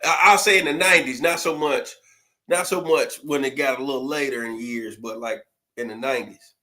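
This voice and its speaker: A man, co-hosting a casual chat and recalling old cookouts, often pausing on fillers. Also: medium pitch, pushed and bright. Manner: reminiscing, halting with fillers. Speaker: co-host.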